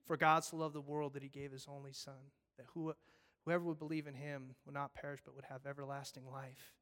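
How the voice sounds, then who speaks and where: A man with a mid-range voice talks a little fast, preaching a casual, conversational sermon that recaps scripture and cracks jokes along the way. He tells the stories with animation, acting out the voices and tossing in jokey asides.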